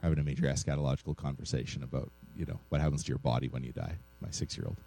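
A man's voice: rumbling low, fairly even intonation, rapid-fire, warm tone. A man in his thirties preaching an informal, conversational sermon, mixing personal stories with teaching and often checking in with "right?" asides. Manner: informal, self-deprecating, frequent "right?" asides. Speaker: pastor.

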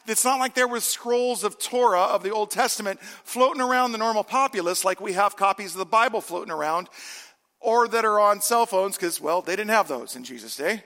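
A man's voice: high-pitched, pushed and bright, big-room sound. A man in his forties, a pastor preaching a sermon in a church in a conversational way, with self-deprecating humor. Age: 40s. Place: church sanctuary.

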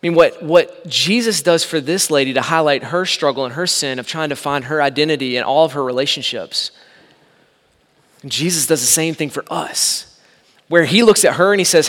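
A man preaches in a relaxed, conversational way, one moment driving a point home with force, the next dropping to a quiet aside. His voice sits a little higher than most men's. A long reverb trails every phrase, as in a large church sanctuary. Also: brisk. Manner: conversational preaching that swings between loud emphasis and quiet asides. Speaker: pastor. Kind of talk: sermon. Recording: long echo of a large hall.

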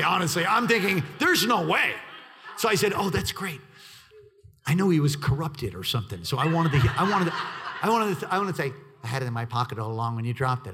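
A middle-aged male pastor preaching through a personal story, acting out the people in it and swinging between loud excitement and hushed quiet. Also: a little high, a little hiss or hum. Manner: animated, acts out quoted voices, swings from loud excitement to hushed near-whisper. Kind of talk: sermon storytelling.

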